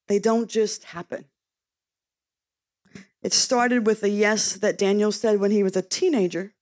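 A woman preaching a sermon in a punchy, conversational way, reading scripture aloud between short asides. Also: on the high side.

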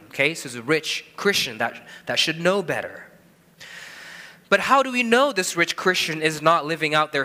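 A man in his thirties preaches with earnest conviction, posing questions to the congregation and repeating his main points for emphasis. His voice sits a little high and sounds bright and forceful. Long reverb trails behind each phrase, as in a church hall. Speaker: pastor. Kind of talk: sermon.

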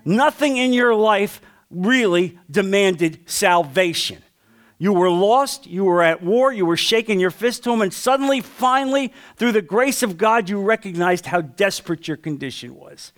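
A male pastor preaching a sermon with passion, asking the congregation questions and swinging from loud to hushed. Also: high-pitched, expressive, normal speed.

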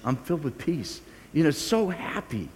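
A man's voice: a little high, big pitch swings, normal speed, darkish tone, soft background music. An older man preaching a sermon as pastor, earnest and confessional, often restarting his sentences and poking fun at himself. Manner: earnest, confessional, with frequent restarts and self-mocking humor. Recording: long hall reverb.

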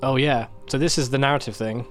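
A man's voice: medium pitch, steady tone, fast, over music. A man co-hosting a casual rewatch podcast, chatty and explaining timelines with frequent laughter. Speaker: podcast co-host.

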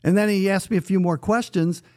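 A man who works as a hockey radio announcer tells a story as a podcast guest. He is an animated storyteller who acts out the dialogue he quotes. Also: sits high, fairly quick.

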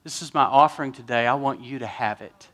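A man's voice: medium pitch, fairly quick, a bit bright. A man, a pastor telling an emotional story during a sermon and getting choked up at times.

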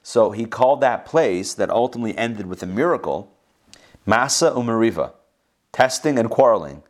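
A man with a fairly low voice reads a scripture passage and then explains it in a relaxed, conversational way. He sometimes mimics the people in the story with a raised, exasperated tone. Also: moderate pace. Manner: reads verses then explains in casual asides. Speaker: Bible teacher. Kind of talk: reading scripture with commentary.

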